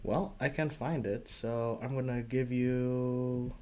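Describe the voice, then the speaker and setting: A man hosting a casual memorial livestream, greeting viewers in chat one by one, with frequent ums and uhs and a soft, heartfelt manner. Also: mid-range voice, steady tone, takes it slowly, slight background noise. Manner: trails off with many ums and uhs. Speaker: livestream host.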